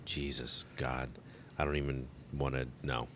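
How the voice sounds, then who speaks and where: A man's voice: very deep voice, little pitch movement, a little slow, fairly bright tone, slight background noise. A man co-hosting a podcast, chatting casually with brief, dry replies and quips. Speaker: podcast co-host. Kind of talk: casual chat.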